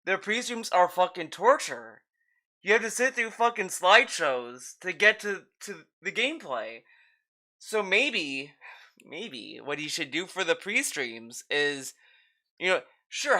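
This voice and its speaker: A man's voice: high-pitched, expressive, unhurried, pushed and bright. A man reacting to a stream clip, mocking and sarcastic, swearing freely as he comments.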